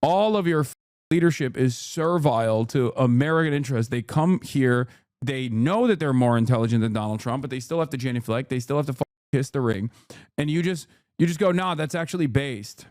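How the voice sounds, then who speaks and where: A man's voice: mid-range voice, animated, fairly quick, a little mellow, dry recording. A man streaming ranting political commentary, heated, profane and sarcastic, on a close mic.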